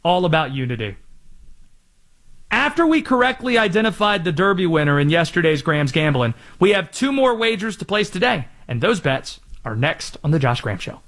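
A man's voice: a little high, big pitch swings, moderate pace, fairly bright tone. A young adult man hosting a sports radio show, joking and rambling through random references. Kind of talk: casual sports talk.

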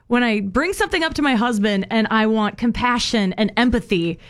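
A woman's voice: fairly high pitch, expressive, a little fast. A woman co-hosting a radio show, chatting casually and playing up her sorrow with dramatic exaggeration.

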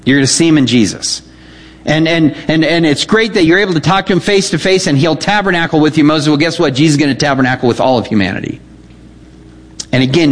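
A man's voice: a little high, fast. A man preaching a sermon, reading scripture aloud and checking in with his listeners as he explains it. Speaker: pastor.

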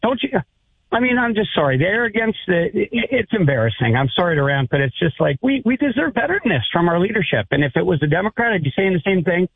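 Irate phone-in caller, a man with a high, husky voice who is heated and repeats himself. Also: big pitch swings, quick pace, no echo. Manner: fired up, repeats himself, stumbles over words. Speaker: radio caller. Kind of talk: heated call-in rant. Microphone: telephone. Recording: tinny phone line.

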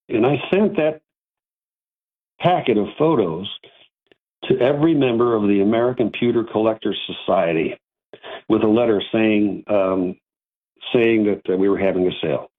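A man, an antiques dealer, telling a folksy story with animated asides and a husky voice. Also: on the low side. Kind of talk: casual storytelling. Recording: tinny phone-like audio.

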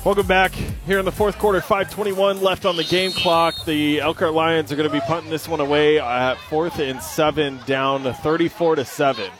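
A man's voice: on the high side, moderate pace, hardly any pauses, music in the background. Upbeat young-sounding football play-by-play man. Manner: energetic, joking, reads sponsor ads between plays. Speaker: play-by-play announcer. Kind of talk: live high school football commentary.

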